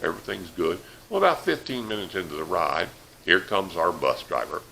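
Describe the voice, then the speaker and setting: A man's voice: low-pitched, sing-song, fairly quick, vocal fry, bright, forceful tone, slight background noise, poor audio. A man telling a humorous, rambling story in a folksy way, with dry asides.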